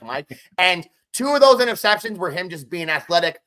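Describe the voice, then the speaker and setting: A man with a high, sing-song voice co-hosts a casual sports podcast, talking animatedly at a brisk pace and often turning to his co-host by name. His delivery sounds pushed and bright.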